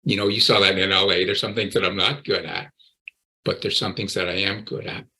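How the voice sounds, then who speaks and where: Older guy, recovery coach on a podcast, low but punchy forceful voice, blunt and direct. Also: fairly even intonation, a little fast, rough recording. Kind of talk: interview conversation.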